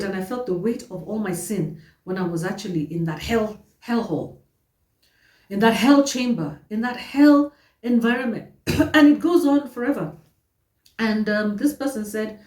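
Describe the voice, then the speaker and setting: A woman telling her own life story to her viewers, animated, emphatic and often repeating herself. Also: mid-range voice, moderate pace, long pauses, distant mic. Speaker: vlogger. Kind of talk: personal storytelling to camera. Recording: roomy echo, voice set back from the mic.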